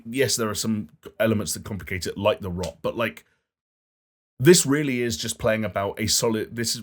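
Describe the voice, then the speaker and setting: A man co-hosting a casual podcast chat about games, talking in hesitant bursts full of fillers and restarts. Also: lowish voice. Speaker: podcast co-host.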